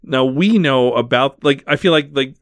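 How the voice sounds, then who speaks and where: Talking casually about a film, a podcast host recaps each scene in detail with lots of fillers. He speaks at a normal speed in a medium pitch, and there's no room sound.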